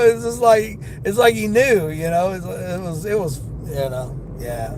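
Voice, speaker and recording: A man's voice: high voice, slow, noisy background. A man with a Southern accent chatting casually with his livestream viewers while driving for deliveries, rambling from one story to the next. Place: inside a car.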